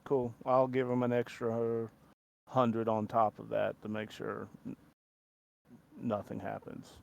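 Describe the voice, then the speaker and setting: A man player in a tabletop game, relaxed and matter-of-fact. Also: mid-range voice, takes it slowly, gravelly, a little hiss or hum. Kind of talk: casual tabletop play.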